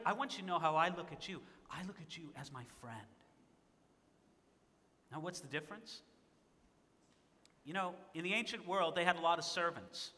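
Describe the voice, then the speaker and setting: A man's voice: high voice, pushed and bright, long reverb tail. A man preaching a sermon as pastor, earnest and pleading, building to emphatic points.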